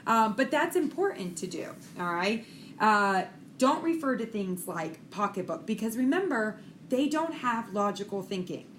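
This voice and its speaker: A middle-aged woman instructor talks through a recorded lecture in a frank, conversational way, full of small fillers. Her voice sits at an ordinary pitch, with a faint noise behind it. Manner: frank, chatty, with many fillers. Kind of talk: recorded lecture on child development.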